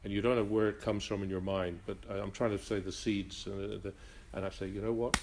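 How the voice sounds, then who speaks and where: An older man with a detribalized accent, Northern Irish roots worn down by years in southern Africa. His voice sits low, and he reflects in an interview, halting, restarting, and circling back to his point. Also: level tone, darkish tone. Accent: mixed Northern Irish and Rhodesian. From Northern Ireland. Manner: halting, many restarts and fillers.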